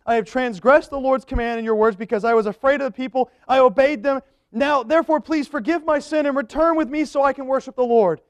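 A man's voice: quick pace, hardly any pauses, smooth. A man voicing a defensive king who keeps making excuses, his voice raised and pleading. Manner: pleading, higher-pitched voice.

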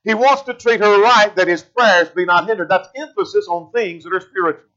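High bright-voiced male preacher. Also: dull audio. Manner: measured teaching, slowing to stress scripture verses. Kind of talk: sermon.

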